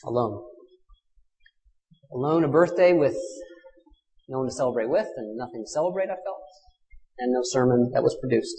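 A man in his thirties, a minister, telling a personal story in a sermon, swinging from fierce loud passages to hushed ones. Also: medium pitch, lively intonation, normal speed, pauses often. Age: 30s. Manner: intimate confessional storytelling with dramatic swells and hushed drops. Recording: long hall reverb.

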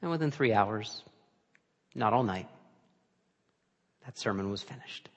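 A man's voice: lowish voice, expressive, a little slow. Dramatic male preacher in a reverberant hall. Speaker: pastor. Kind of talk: sermon.

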